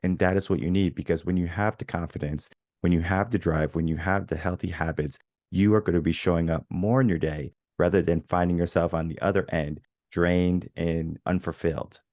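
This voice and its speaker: Very deep-voiced motivational man. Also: steady tone, brisk, darkish tone, no echo. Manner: earnest, motivational. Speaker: guest coach. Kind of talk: podcast conversation.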